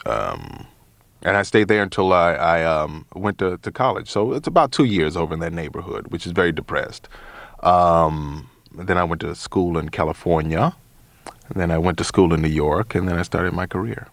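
A man in his thirties with a very low voice talks as a guest on a radio interview. He speaks in a thoughtful, measured way and often pauses to search for words. The studio sound is close and dry. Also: animated, gravelly, no echo. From Chicago, USA. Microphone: studio mic.

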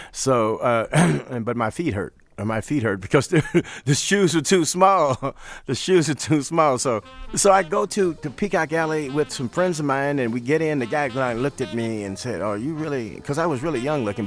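An older man from St. Louis, telling stories as an interview guest in a relaxed manner, repeating phrases. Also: medium pitch. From St. Louis, USA. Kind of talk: storytelling in an interview.

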